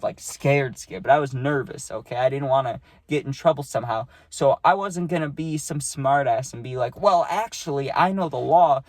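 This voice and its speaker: A man's voice: mid-range voice, dry recording. A man casually telling a story in a rambling way, with lots of fillers and tag questions, and blunt, profane wording.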